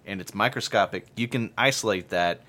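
A man's voice: fairly low pitch, fairly quick, bright, forceful tone. A man co-hosting a podcast, explaining things in a wry, casual way. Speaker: podcast co-host. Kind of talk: casual banter.

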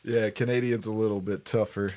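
A man's voice: on the low side, little pitch movement, brisk, noisy background. A man hosting a podcast, joking and laughing through casual banter over a party game. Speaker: podcast host.

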